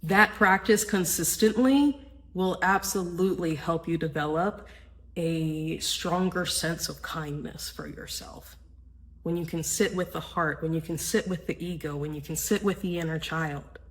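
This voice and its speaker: Low-quality audio carries a fairly low-pitched woman's voice at normal speed as she hosts a spiritual self-help podcast. She's earnest and casual, frequently saying "right?" and now and then swearing.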